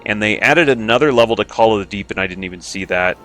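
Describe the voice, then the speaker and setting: A man talks through his strategy game in a chatty, self-mocking way, thinking aloud as he plays. His voice sits low but sounds bright and forward, with lively rises and falls. Quiet music plays under him. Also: fast. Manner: playful silly noises and repeated sound effects. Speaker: game streamer. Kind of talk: casual gameplay commentary.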